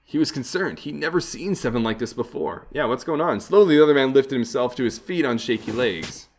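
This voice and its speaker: A man's voice: mid-range voice, lively intonation, fairly quick. A man hosting a let's play, reading the game text aloud with casual, chuckling asides. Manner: casual, chuckling asides between read lines.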